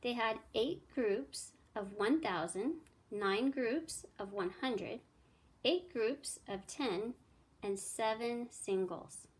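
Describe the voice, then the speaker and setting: A woman teacher reading a children's math story aloud with clear, expressive storytelling. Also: a little high, slow.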